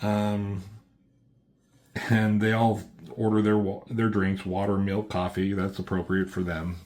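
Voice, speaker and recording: A man's voice: fairly low pitch, completely flat delivery, a little slow, darkish tone. A man casually recapping a comic book as a reviewer, rambling along with lots of fillers and a laid-back delivery.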